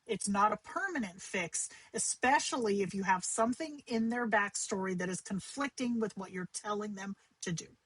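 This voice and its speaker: Husky-voiced woman giving a chatty tutorial. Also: mid-range voice, dry recording, low-quality recording. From Arizona. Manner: chatty, conversational, with quick asides and fillers. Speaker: livestream host teaching AI companion tips. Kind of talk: casual livestream tutorial.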